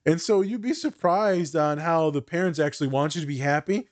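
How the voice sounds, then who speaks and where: A man who works as a therapist, chatting casually on a podcast, telling client stories with lively asides and sarcastic jokes. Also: a little high, brisk. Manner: animated, storytelling, sarcastic asides. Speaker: therapist co-host.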